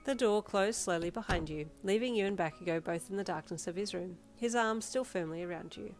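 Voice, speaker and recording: A woman reading her fanfiction aloud as a steady storybook narration. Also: medium pitch, brisk. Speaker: fanfiction reader. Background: background music.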